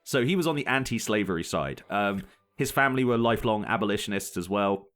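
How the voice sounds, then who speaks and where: A man's voice: lowish voice, expressive, quick pace, fairly bright tone, faint music behind. A young man co-hosting a podcast, telling a history story in casual chat and laughing often as he goes. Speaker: podcast co-host.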